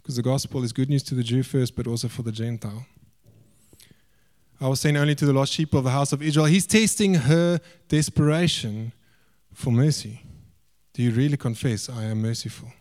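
Guy preaching a sermon, animated, goes up loud then drops way down quiet. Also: moderate pace. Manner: animated, swings between raised emphatic lines and hushed low asides.

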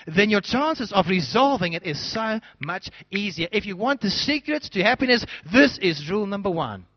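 Animated preaching man, dry and dull. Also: high voice, moderate pace, hardly any pauses, no room sound. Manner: animated preaching, acting out little scenes. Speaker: pastor. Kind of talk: sermon.

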